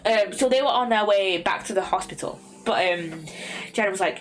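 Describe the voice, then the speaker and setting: Young English woman streamer, casual, rambling with many fillers, soft music underneath. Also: medium pitch, normal speed. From England. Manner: rambling, many ums and restarts. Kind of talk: casual chat.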